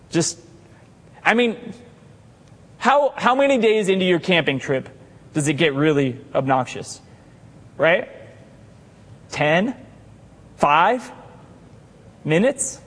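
High-pitched male pastor, humorous sermon style with rising shouts, recorded in a reverberant sanctuary. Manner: joking, teases congregation members by name; builds to emphatic shouted declarations. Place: church sanctuary with congregation. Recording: long hall reverb.

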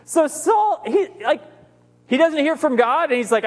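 Brief: man, pastor, sermon; chatty, emphatic storytelling, high pitch, reverberant sanctuary. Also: lively intonation, a little slow. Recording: long hall reverb.

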